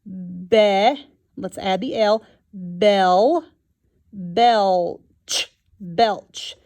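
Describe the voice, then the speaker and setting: A woman teaching a phonics lesson to young children, sounding out each word slowly and clearly. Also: mid-range voice. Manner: slow and clear, sounding out words.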